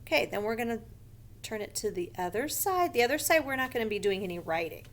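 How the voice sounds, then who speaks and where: A woman teaching a first grade grammar lesson in a slow, patient voice, and now and then she whispers a quick aside to herself. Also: a little hiss or hum. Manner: slow, patient teacher voice, sometimes lifts her pitch to show an excited sentence. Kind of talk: recorded online grammar lesson.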